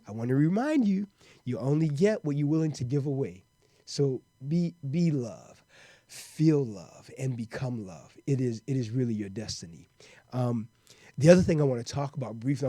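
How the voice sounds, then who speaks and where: A man's voice: mid-range voice, mellow, dry recording, studio quality. Earnest man hosting a podcast. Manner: earnest, repeats words while talking. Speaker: podcast host. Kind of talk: casual monologue.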